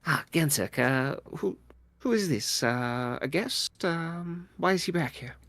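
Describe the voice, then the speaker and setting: A man's voice: fairly high pitch, expressive, slow, fairly bright tone, no echo, voice pushed up, full character voice. A man voicing a nervous, thin male dragonkin jeweler who stammers and hesitates. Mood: hesitant.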